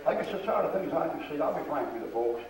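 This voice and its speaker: Recorded from afar on a far camera in a church with a roomy echo, an older man preaches a sermon. His high-leaning voice is animated and quick as he spins folksy stories and acts out the voices of the people in them.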